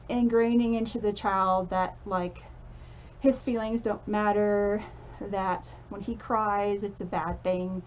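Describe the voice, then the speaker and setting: A woman's voice: medium pitch, a little mellow, lo-fi sound, slight background noise. A woman teaching a casual lesson, chatty and full of fillers, acting out comforting quotes as she explains.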